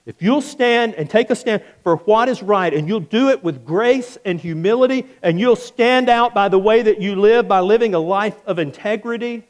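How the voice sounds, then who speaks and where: A male pastor preaches with emphasis at a moderate pace and few pauses. He repeats phrases and sinks low and quiet on the key words.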